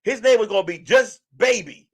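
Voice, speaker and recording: Man, high voice, lively swooping pitch, joking livestream rant. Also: a little fast. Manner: animated, joking, acts out quotes in mock voices. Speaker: livestream host. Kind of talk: casual commentary monologue.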